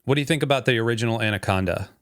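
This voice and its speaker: A man's voice: medium pitch, very fast, fairly bright tone, clear, resonant tone, no echo, clean studio sound. A man co-hosting a podcast, chatting casually, asking easygoing questions and giving short agreements. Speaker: podcast co-host. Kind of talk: casual chat.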